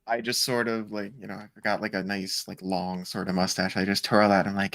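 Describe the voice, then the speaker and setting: A man's voice: lowish voice, little pitch movement, a little fast, few pauses, a bit bright. A man playing a rogue in a tabletop game, casual and hesitant, with many fillers. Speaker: player. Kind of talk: tabletop role-play chat.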